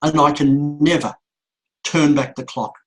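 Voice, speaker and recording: A middle-aged man, a motivational speaker, telling a painful story to an audience in a slow, repetitive way with emphatic pauses. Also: on the high side, fairly even intonation, rough recording. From Australia. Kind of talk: emotional speech to an audience.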